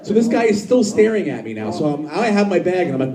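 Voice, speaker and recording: A brash stand-up comedian in his thirties jokes and banters with the front row. His voice is animated and sits fairly high. The sound comes from a roomy club, picked up from a distance, with a laughing audience. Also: quick pace. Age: 30s. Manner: brash, profane, chatty with the crowd. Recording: echoey club, distant mic, crowd.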